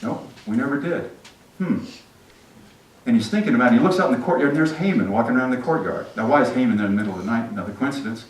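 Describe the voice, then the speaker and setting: A man's voice: medium pitch, lively intonation, rapid-fire. A male pastor giving a sermon, retelling a story casually and with humor. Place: church sanctuary. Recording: echoey sanctuary, distant mic.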